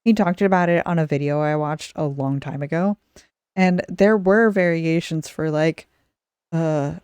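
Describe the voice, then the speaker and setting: Slow-talking woman, smooth dry voice. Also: sits low, a little mellow, dry recording. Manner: chatty, laughs often. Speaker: podcast host. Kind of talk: casual podcast chat.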